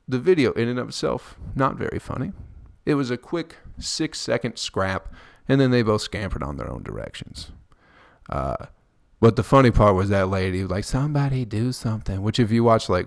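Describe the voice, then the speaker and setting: With a gravelly voice and no echo, a man speaks close to the mic while hosting a casual solo podcast. He rambles crudely, cracks jokes with lots of swearing, and mimics people in high, squeaky voices.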